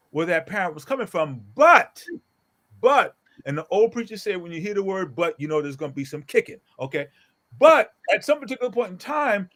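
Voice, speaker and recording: Animated, emphatic middle-aged pastor. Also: male voice, a little high. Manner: animated and emphatic, often tags lines with "okay?". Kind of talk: storytelling in a casual group talk.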